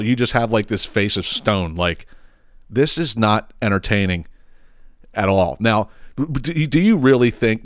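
A man hosting his own podcast in a casual, ranting way. His voice sits low and his delivery is blunt, profane and exasperated. The sound is dry and close, with no room around it. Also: dry recording. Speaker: podcast host.

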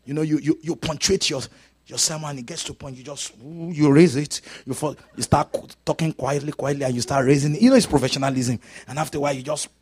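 A male preacher delivering a sermon in a church service, swinging from loud, rising exclamations down to hushed, whispered lines. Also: a little high, steady tone, fast, slightly rough. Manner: dramatic swings from shouting to quiet whispers.

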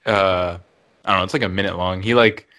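Young man, low voice, excitable fan chat. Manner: excitable, quick, exaggerating fan talk. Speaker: podcast co-host. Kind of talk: casual chat.

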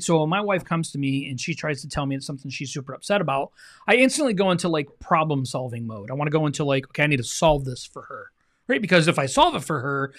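Earnest man co-hosting a marriage podcast. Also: fairly high pitch. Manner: earnest, often checks in with "right?". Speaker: podcast co-host. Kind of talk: casual faith-based marriage talk.

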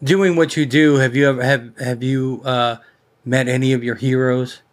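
A man's voice: medium pitch, fairly even intonation, moderate pace. A man in casual chat, chiming in with short questions and remarks. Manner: brief interjections and questions.

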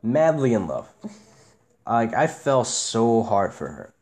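A young man chatting on his own podcast in a candid, profane way. His delivery drifts between a flat monotone and sudden excitable bursts, at an ordinary middle pitch. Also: takes it slowly. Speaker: podcast host. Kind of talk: casual podcast chat.

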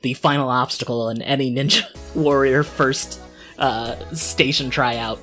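Unhurried game master narrating a scene. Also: medium pitch, fairly even intonation, fairly bright tone, soft background music. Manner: descriptive, unhurried, with filler pauses.

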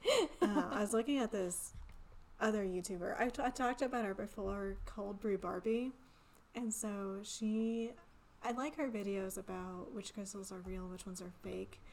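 A young woman co-hosting a casual podcast chat, talking fast and loose with lots of "like" fillers. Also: medium pitch. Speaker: podcast co-host.

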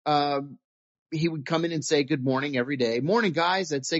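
A former intelligence officer telling stories in an interview, earnest and animated, often restarting his sentences. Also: a little high, fairly quick, no echo. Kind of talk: interview storytelling. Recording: dull dry lo-fi audio.

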